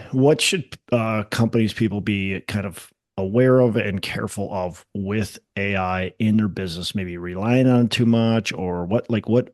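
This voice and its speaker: A man with a fairly low voice hosts a podcast interview, chatting casually and putting questions to his guest. The recording is dry and close, with no room sound. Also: no echo. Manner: conversational, asks guest questions. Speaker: podcast host.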